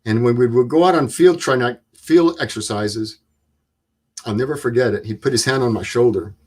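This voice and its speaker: A man in his seventies, a guest, telling stories in a plain-spoken, measured way. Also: medium pitch, breathy edge. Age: 70s. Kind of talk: storytelling interview.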